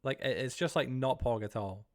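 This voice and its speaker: A man's voice: medium pitch, moderate pace. A man streaming live, chatting casually and rambling to his viewers while he plays, easily startled. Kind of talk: casual livestream chat while gaming.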